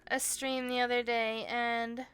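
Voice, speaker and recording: A woman's voice: a little high, little pitch movement, measured pace, a bit bright, clear, resonant tone, soft background music. An American woman streaming while she colors, chatting in a rambling, casual way and swearing now and then. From United States.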